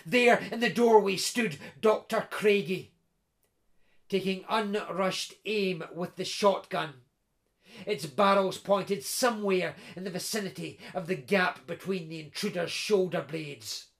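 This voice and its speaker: A male audiobook narrator with a fairly high voice and a gravelly, creaky texture. He tells the story vividly and dramatically, building tension through each action scene. The delivery stays steady and engaged. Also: measured pace.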